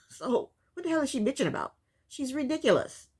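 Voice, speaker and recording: A woman's voice: high voice, big pitch swings, a little fast, darkish tone. A woman giving a blunt, sassy, exasperated casual recap of a TV show. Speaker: reality TV recap YouTuber. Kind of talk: casual commentary.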